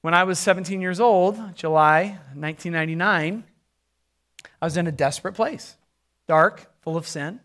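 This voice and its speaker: A male pastor in his forties preaching a sermon, swinging from loud emphasis to hushed near-whispers and stretching key words slowly. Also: high voice.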